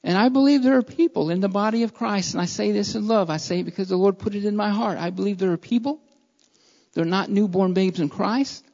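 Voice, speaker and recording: A preacher delivering a sermon in repeated, building phrases, by turns loud and fervent, then quiet and earnest. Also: mid-range voice, a little fast, vocal fry, in a large hall, dull audio.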